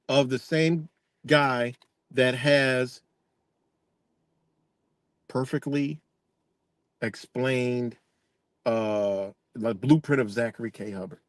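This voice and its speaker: A man rants live in loose, cursing, repetitive bursts, his voice sitting a little high for a man. The sound is close and dry, with no room echo. He breaks off now and then to answer viewers in the chat. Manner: profane, repetitive, rambling rant; reacts to live chat comments. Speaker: live streamer. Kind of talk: casual ranting commentary.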